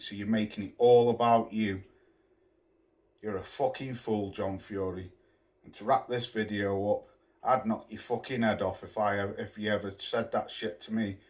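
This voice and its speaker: A man's voice: fairly low pitch, steady tone, moderate pace. Scornful man ranting about boxing. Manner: scornful, swearing, name-calling. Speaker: boxing commentator vlogger. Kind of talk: angry rant to camera.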